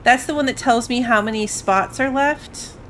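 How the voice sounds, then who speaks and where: A woman's voice: on the high side, normal speed, a bit bright, a little hiss or hum. A tired woman with school-age kids, chatting casually while playing a game, rambling and yawning now and then. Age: adult with school-age kids. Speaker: gaming streamer. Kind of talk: casual let's-play commentary.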